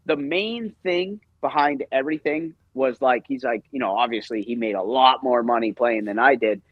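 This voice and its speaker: A man's voice: medium pitch, moderate pace, dry recording. A man in his thirties, a podcast guest, telling a long story in a loose, rambling way with lots of fillers. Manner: rambling, filler-heavy, animated retelling. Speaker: podcast guest, hockey coach. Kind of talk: casual storytelling interview. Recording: dry, slightly dull podcast audio.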